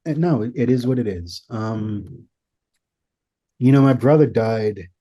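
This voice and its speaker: A man guest in an interview, telling his story earnestly and measured, with an occasional swear for emphasis. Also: medium pitch, expressive, mellow, no room sound. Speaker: guest, author and producer.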